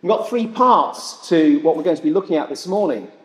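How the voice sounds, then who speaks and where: A man's voice: a little high, expressive, brisk. A man preaching a sermon to a church congregation, conversational and full of rhetorical questions. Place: church hall. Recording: echoey hall with long reverb.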